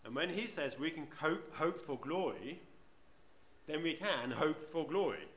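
A man's voice: on the high side, sing-song, measured pace, fairly bright tone. A man preaching a sermon in church, conversational, often asking the congregation rhetorical questions. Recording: roomy church echo.

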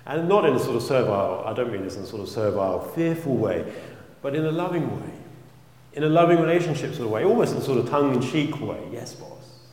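A man preaching a sermon and leading prayer in a gentle, earnest way, often dropping very soft. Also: medium pitch, lively intonation, fast. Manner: gentle, earnest, drops very soft on quoted phrases. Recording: roomy hall with long reverb.

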